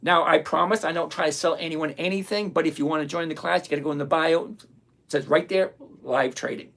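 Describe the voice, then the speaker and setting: A retired older host runs a live investing stream, chatting straight to the camera and firing back at viewer comments. The voice is gravelly and sits at a middle pitch. The delivery is blunt and sarcastic, and the host repeats phrases over and over to drive each point home. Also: fairly even intonation, a little fast, a bit bright.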